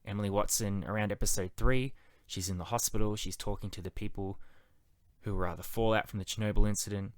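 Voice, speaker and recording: Guy chatting excitedly about a tv show, kinda low voice, dry sound. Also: no room sound. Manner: enthusiastic, conversational. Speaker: TV show reviewer. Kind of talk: casual review monologue.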